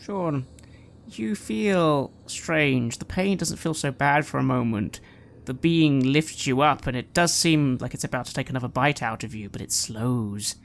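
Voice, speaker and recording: A woman runs a tabletop horror game as game master, with a very low voice. She narrates in a measured, dramatic way. Her descriptions build tension steadily. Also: animated, creaky, a little hiss or hum.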